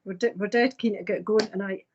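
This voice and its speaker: A woman's voice: mid-range voice, fairly even intonation, a little fast, a little hiss or hum. A woman co-hosting a live psychic show, chatting in a jokey, upbeat way. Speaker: co-host psychic. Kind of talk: live online show, casual chat. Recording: dull lo-fi stream audio.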